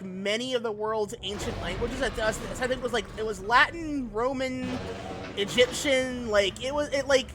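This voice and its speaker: A woman's voice: on the high side, a bit bright. A woman streaming a game live, chatting in a giggly, rambling way with lots of fillers. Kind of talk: live gameplay commentary.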